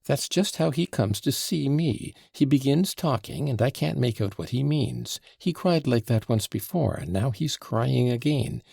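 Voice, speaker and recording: A man's voice: mid-range voice, big pitch swings, gravelly, darkish tone, breathy edge, no echo, studio quality, heavily acted. A man reading an audiobook, voicing a teasing, imperious young woman who scolds insistently. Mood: reproachful. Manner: insistent, reproachful, quick to scold.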